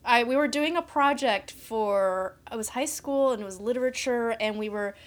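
Relaxed woman chatting, slightly high. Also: moderate pace. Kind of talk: casual chat.

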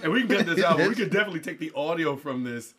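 Male podcast co-host, a dad, high lively voice, amused storyteller. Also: very fast, breathy edge. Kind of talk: casual chat among friends.

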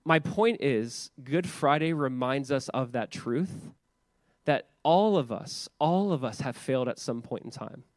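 With a mid-range voice and lively intonation, this man in his thirties preaches at a measured pace. He's a pastor whose sermon sounds casual and chatty, full of repeated words and filler "like"s, captured in a dry, studio-quality recording.

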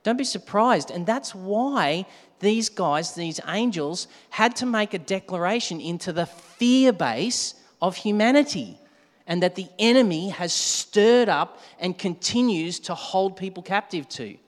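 Animated preacher in a reverberant hall. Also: male voice, high-pitched, measured pace. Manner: animated, shouts to act out a scare, drops to a hush for the night scene. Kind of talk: sermon.

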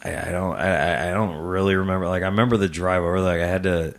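A comedian from the American Midwest speaks in a very deep, low voice as a podcast guest. He talks casually about his own life, with frequent swearing and halting, repeated starts. He is recorded in a living room. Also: steady tone. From Rock Island, US Midwest. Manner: swears often, halting, with stammered restarts. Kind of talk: casual personal storytelling in an interview.

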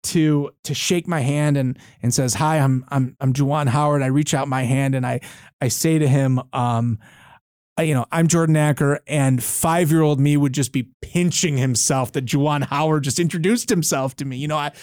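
A man in his thirties sits in a studio as a guest and tells a long story in a relaxed way, restarting sentences and filling pauses as he goes. His voice sits a little high for a man. The recording is dry and close. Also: dry recording. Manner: tells anecdotes with frequent restarts and fillers. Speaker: university board chair and lawyer, guest. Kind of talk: casual storytelling interview.

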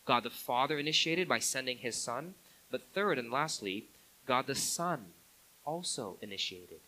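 A man's voice: medium pitch, expressive, unhurried, bright, forceful tone, poor audio. A man preaching a sermon as pastor, building his points to emphatic climaxes.

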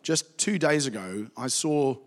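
A man's voice: mid-range voice, unhurried. Pastor guy doing a bible talk, chatty, full of stories and asides, echoey hall sound. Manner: chatty, anecdotal, animated asides. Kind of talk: conversational Bible teaching. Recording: reverberant hall.

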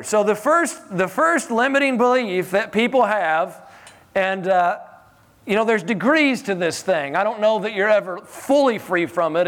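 A man preaching a sermon in a church in a conversational, animated way, often chuckling and repeating his words. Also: high-pitched.

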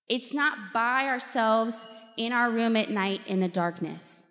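Woman speaker giving a faith talk in a big reverby hall, candid and emotional, laughs a lot. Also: on the high side. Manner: candid and emotional, laughs often, quotes people in lively voices. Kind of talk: personal faith talk to a live group.

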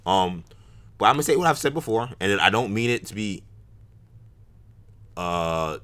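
A man with a low voice that still rings bright and forward. He co-hosts a podcast in casual sports chat, rambling with many fillers and restarts. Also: animated, moderate pace. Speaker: podcast co-host.

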